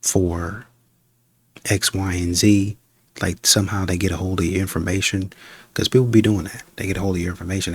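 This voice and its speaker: A man's voice: low voice, steady tone, a little fast, breathy edge. A man hosting a reaction show, giving blunt, firm commentary on clips.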